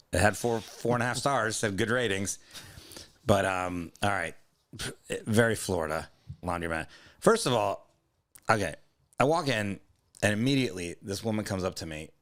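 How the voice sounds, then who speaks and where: A young man co-hosting a comedy podcast, telling a story in a casual, animated way and acting out both sides in loud raised voices. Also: lowish voice, normal speed, long pauses. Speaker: podcast co-host.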